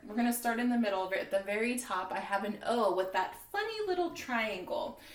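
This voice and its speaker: A woman teaching a second grade spelling lesson in a cheerful, encouraging way, slowly sounding out words for young children. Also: mid-range voice. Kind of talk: recorded classroom lesson. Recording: roomy, from a distance.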